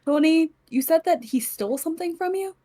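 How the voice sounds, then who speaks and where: A woman playing her character in a tabletop game, who talks in a quick, practical, decisive way. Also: very high voice, expressive, dark tone. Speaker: player.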